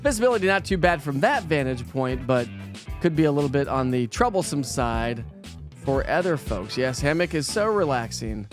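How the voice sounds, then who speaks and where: A man's voice: medium pitch, expressive, moderate pace, faint music behind. A man hosting a casual morning weather live stream, chatting with viewers, joking at himself and laughing often. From Colorado. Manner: chatty, self-mocking, laughs often, stumbles over words.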